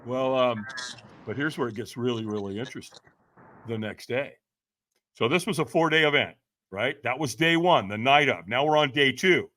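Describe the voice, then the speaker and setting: A man's voice: medium pitch, a bit bright, dry recording. A man, a podcast guest, telling a dramatic story, acting out quotes and often checking in with "right?". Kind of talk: animated storytelling.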